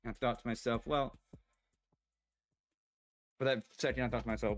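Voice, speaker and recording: Man rambling through an emotional story. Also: lowish voice. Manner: rambling, halting, emotional retelling. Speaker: vlogger. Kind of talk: personal storytelling monologue.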